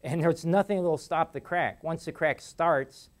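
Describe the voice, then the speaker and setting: Speaking a little slowly at a fairly high pitch, a middle-aged man lectures a university class in a lecture hall. The tone is casual and conversational, with many restarts and bursts of laughter.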